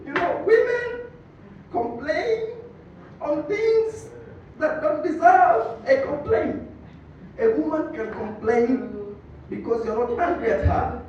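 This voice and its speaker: Tanzanian male stand-up comic, bouncy high delivery, distant, muffled and boomy club sound with room noise. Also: slow pace, pauses often, heavy reverb. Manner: animated storytelling, switching between English and Swahili. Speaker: stand-up comedian. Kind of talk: stand-up comedy routine. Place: comedy club stage.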